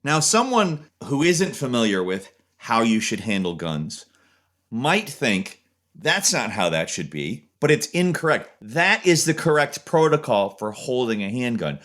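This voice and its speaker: A man's voice: medium pitch, unhurried. A young man giving a casual tutorial walkthrough, chatty and jokey. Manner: animated, jokey, chatty explaining. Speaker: video creator.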